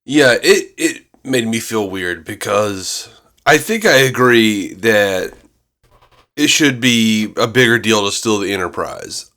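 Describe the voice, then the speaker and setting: A man's voice: lowish voice, expressive, takes it slowly, sharp tone. A man co-hosting a podcast in casual review chat, blunt and wry, laughing and swearing casually. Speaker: podcast co-host.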